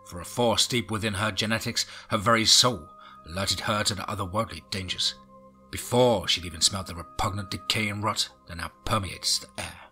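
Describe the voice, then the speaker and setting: A man reading a horror audiobook in a low, brooding way with whispered asides. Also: fairly even intonation, fairly quick, sharp tone, soft background music. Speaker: audiobook narrator.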